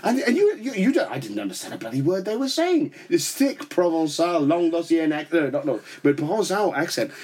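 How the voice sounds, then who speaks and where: A man's voice: fairly high pitch, sing-song, brisk, few pauses, a little mellow, slightly rough. A tipsy man co-hosting a comedy podcast, rambling and giggling as he repeats his words. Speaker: podcast co-host. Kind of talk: drunken comedic chat.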